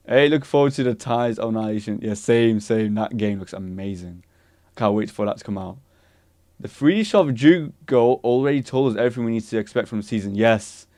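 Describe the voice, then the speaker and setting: A man streaming live, reacting to anime news in excited casual chat and answering his chat. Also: fairly low pitch, no echo, studio quality.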